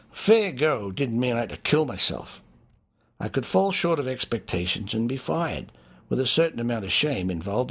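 Man narrating a memoir. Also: medium pitch. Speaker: audiobook narrator. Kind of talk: first-person memoir narration.

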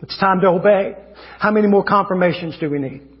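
A man preaching an evangelist's sermon, fervent and repetitive, rising to shouts at his peaks. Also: sits high, brisk, in a large hall, highs cut off. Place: church hall.

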